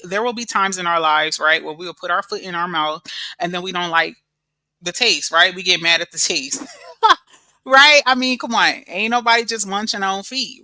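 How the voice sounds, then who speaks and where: Chatty middle-aged lady on a live stream, bright and dry, saying y'all a lot. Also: fairly low pitch, no room sound. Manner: chatty, greets viewers, says "y'all" and "baby", laughs often. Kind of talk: casual live-stream chat.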